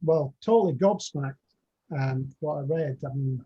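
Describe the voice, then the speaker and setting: A man's voice: mid-range voice, normal speed, dark tone. A man chatting on a political panel in a dry, matter-of-fact way. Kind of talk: casual political chat. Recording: dull lo-fi audio.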